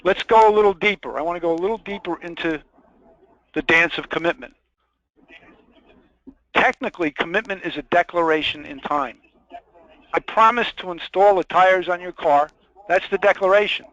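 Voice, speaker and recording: High-voiced man giving an emphatic sales webinar. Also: moderate pace, pauses often, fairly bright tone, no room sound. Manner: emphatic, repeats key points, poses rhetorical questions. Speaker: webinar presenter. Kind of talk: sales training presentation. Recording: dull lo-fi dry webinar audio.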